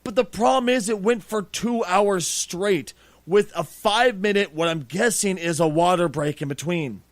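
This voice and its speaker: Speaking at normal speed in a high-pitched voice, this middle-aged man hosts a podcast and tells a foul-mouthed story in an easygoing, lively way, voicing the quotes himself. There's a slight hiss or hum in the audio.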